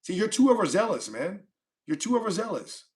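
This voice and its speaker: A man hosting a live stream, teasing and arguing with a caller in rapid questions. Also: sits high, very animated. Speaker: stream host. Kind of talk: casual live-stream debate.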